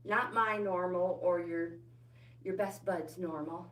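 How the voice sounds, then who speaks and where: A middle-aged woman leads a live walking workout, chatty and encouraging, greeting viewers by name while slightly out of breath. Her voice sits on the low side, steady and slow, with slight background noise and a roomy indoor echo.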